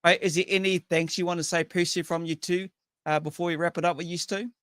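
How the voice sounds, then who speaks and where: A man hosting a casual racing chat, jokey and animated, with stumbling starts to his questions. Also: high-pitched, fast, clean tone, no echo, studio quality. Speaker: host.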